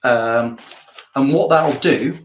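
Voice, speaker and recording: A man's voice: medium pitch, slow pace, highs cut off. A man, an artist chatting wryly with jokey asides while he works in his studio. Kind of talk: casual talk while working. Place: art studio. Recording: roomy studio, faint noise.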